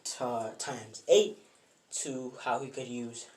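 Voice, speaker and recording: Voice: medium pitch, takes it slowly, a little mellow. Rambling casual fan storyteller. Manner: rambling, with many fillers and self-corrections. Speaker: storyteller of a fan what-if series. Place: bedroom at home.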